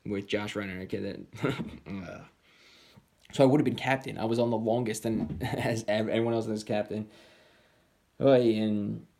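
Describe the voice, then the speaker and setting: A young man telling a personal story in a candid, rambling way, swearing often and jumping into high voices when he quotes people. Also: steady tone, normal speed, gravelly, long pauses, dark tone. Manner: slips into high-pitched voices when quoting others.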